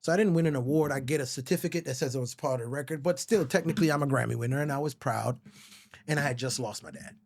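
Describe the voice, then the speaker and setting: A middle-aged songwriter from the Virgin Islands speaks fast in a medium-pitched, darkish voice. As a guest in a casual storytelling interview, he shares stories candidly and emotionally, swearing often and calling people bro.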